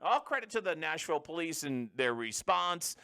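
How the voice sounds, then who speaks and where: A man's voice: a little high, very animated, moderate pace, sharp tone, no room sound, clean studio sound. A man hosting a solo political commentary show, talking in an emphatic, opinionated way. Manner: emphatic, opinionated, with frequent restarts.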